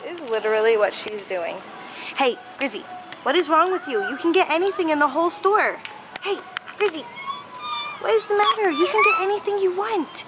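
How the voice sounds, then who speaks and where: A woman's voice: very high-pitched, expressive, fairly quick, music in the background, rough recording. A woman filming a casual vlog while shopping with her puppy and young daughter, playful and teasing as she talks to the dog. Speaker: vlogger, mother. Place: busy pet store. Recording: loud store background noise.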